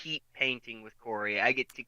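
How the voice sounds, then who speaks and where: A man guesting on a casual wrestling chat, relaxed and amused in tone. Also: medium pitch, brisk, muffled recording, a crowd in the background.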